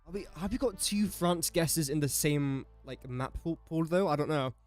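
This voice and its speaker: Chatty young English streamer, higher voice. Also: male voice, moderate pace, darkish tone, faint music behind. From England. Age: young adult. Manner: chatty, self-mocking, mutters while guessing. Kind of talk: casual live-stream commentary.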